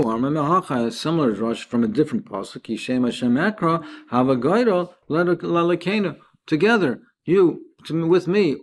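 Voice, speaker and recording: Rabbi reading and explaining Talmud. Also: male voice, mid-range voice, slight background noise. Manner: reads each phrase of text, then explains it in plain words. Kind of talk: daily Talmud lesson.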